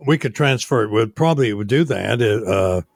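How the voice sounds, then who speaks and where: Older man telling stories slowly, dry sound. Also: on the low side, lively intonation, vocal fry, no echo. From United States. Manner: unhurried storytelling, many "uh" pauses. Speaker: guest, radio station owner. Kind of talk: casual interview chat.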